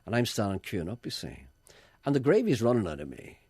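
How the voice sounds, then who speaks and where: A man's voice: fairly low pitch, huge pitch swings, a little fast, darkish tone, breathy edge, no echo, studio quality. A man hosting a casual radio chat, telling wry stories. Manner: wry, storytelling, reads listener letters aloud. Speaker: radio host.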